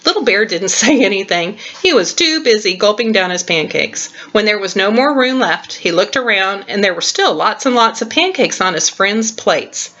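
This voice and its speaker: An older woman at home reading a children's storybook aloud to her grandchild, warm and expressive, recorded on a webcam. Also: medium pitch, normal speed, few pauses, dull audio.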